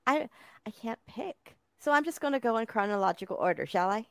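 A woman's voice: fairly high pitch, expressive, brisk, dry recording. Gushing woman podcast host, dry mic. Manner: gushing, playful slang. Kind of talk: casual chat.

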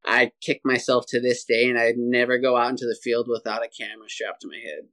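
Brief: man, podcast guest on a video call, casual animated storyteller, mid pitch, keeps saying "dude". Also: brisk. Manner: animated, energetic storyteller, says "dude" often.

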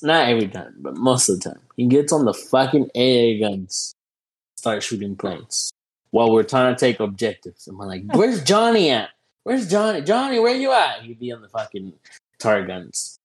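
A man telling profane, animated stories in a casual podcast chat. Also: medium pitch, moderate pace.

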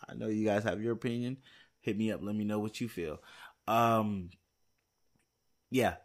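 A man with a fairly low voice talks casually to his viewers, rambling and thinking aloud. He restarts his sentences often and pads them with fillers. He sounds a little tired. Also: fairly even intonation, moderate pace. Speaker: movie news vlogger. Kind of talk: casual chat to camera.

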